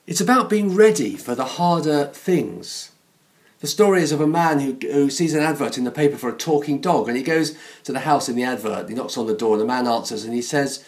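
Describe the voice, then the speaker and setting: A man's voice: medium pitch, brisk. A man, a parish priest, giving a chatty, self-deprecating sermon in a church.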